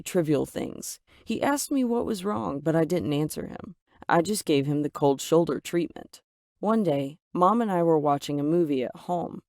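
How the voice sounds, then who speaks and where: A woman narrating a first-person story with dramatic, expressive delivery. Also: deep voice, no echo, studio quality.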